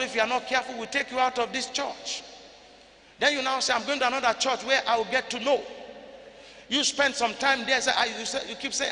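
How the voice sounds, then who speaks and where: Emphatic high-pitched older preacher, gravelly. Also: male voice, fairly even intonation, moderate pace, sharp tone. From Ghana. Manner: emphatic repetition, preacherly rises and drops. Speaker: pastor. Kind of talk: sermon. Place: church hall. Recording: church hall reverb, light noise.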